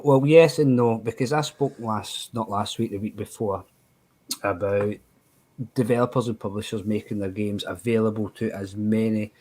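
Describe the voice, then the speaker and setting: Man, husky voice, lowish pitch, rambling podcast panelist, lots of fillers. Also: darkish tone, low-quality recording. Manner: rambling, with frequent "you know" fillers. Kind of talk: casual podcast chat.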